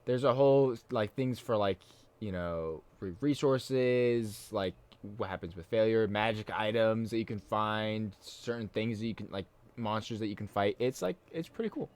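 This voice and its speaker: A man co-hosting a tabletop game podcast in casual chat, talking haltingly with lots of restarts. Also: lowish voice, darkish tone, smooth. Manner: halting, full of fillers and restarts, laughs along. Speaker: podcast co-host.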